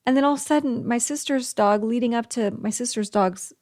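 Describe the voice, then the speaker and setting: A middle-aged woman hosting a podcast, telling a personal story in a heartfelt, halting way, close to tears. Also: fairly high pitch, darkish tone. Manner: emotional, on the verge of tears; heartfelt with many restarts and fillers. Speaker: podcast host.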